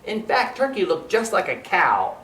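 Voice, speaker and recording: A man's voice: high voice, wildly swooping pitch, moderate pace, bright, forceful tone, distant mic, a little hiss or hum. A man, a children's librarian, reading a picture book aloud for young children in a sing-song storytelling way. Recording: roomy, from off the mic.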